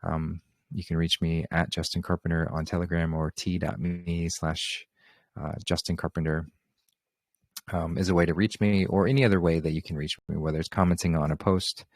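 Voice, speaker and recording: A man's voice: low-pitched, flat delivery, moderate pace, no echo, clean studio sound. A man hosting an open question session on a group video call, talking in an easygoing, rambling way with many fillers. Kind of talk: casual spiritual talk on a group call.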